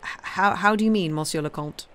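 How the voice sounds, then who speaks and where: A woman's voice: fairly low pitch, a little fast, natural voice. A woman doing a pompous stammering banker. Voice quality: stammering, haughty. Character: pompous, flustered middle-aged male banker. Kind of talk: reading a novel aloud on a livestream.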